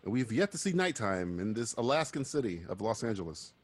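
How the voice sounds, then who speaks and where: A man's voice: lowish voice, very animated, fairly quick, breathy edge. A man casually riffing on a movie with a co-host, sarcastic and profane, laughing often.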